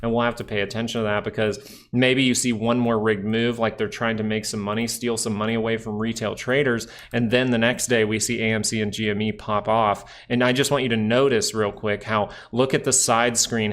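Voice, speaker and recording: A young man with a nasal voice hosting a casual live stock market stream, rambling through charts and answering chat. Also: medium pitch. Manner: relaxed, rambling, talks to chat viewers. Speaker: stock market livestream host.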